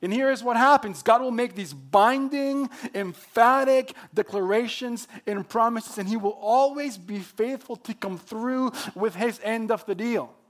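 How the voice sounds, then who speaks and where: A man's voice: extremely high pitch, unhurried, few pauses. A man preaching a sermon as pastor, emphatic, building his points through repetition.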